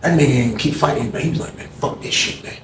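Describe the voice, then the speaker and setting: Animated storytelling man, echoey room. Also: very fast. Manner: excitable, acts out other people's voices with loud, high bursts. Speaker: storyteller recounting jail events. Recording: echoey room with faint background noise.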